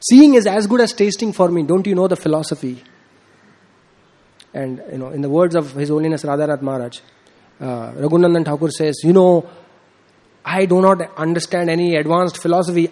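A man giving an informal devotional sermon, telling a story with acted-out dialogue and many fillers. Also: a little mellow. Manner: acts out quoted dialogue with rising pitch, frequent fillers. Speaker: speaker giving a devotional talk.

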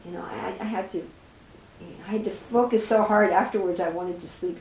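A middle-aged woman from New York City, reading and explaining scripture to a class in slow, deliberate, very distinct speech. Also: mid-range voice, darkish tone, a little hiss or hum. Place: room with a small class. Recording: roomy echo.

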